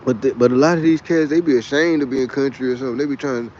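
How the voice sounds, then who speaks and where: A man's voice: medium pitch, fast, hardly any pauses, a little mellow, highs cut off, a little hiss or hum. A man with a Texas twang, chatting in a rambling, boisterous and profane way on a casual livestream. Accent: Texan. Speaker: livestream host.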